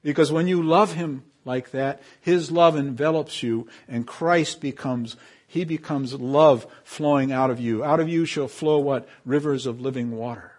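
A man preaching a sermon to his congregation, building loud on key phrases, dropping to quiet asides and leading call and response. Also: mid-range voice, unhurried. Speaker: pastor.

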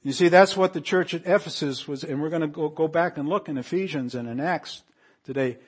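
Male pastor, sermon delivery, somewhat high pitch, dramatic dynamic swings, reads scripture with emphasis. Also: brisk. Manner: preaching with dramatic swings between hushed and raised emphasis.

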